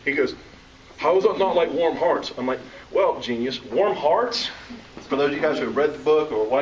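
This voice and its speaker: With a mid-range voice, a Southern author and teacher tells jokes and stories to people gathered live. He comes across as a lively, joking storyteller. A distant microphone with the audience around it catches him, along with a little hiss or hum.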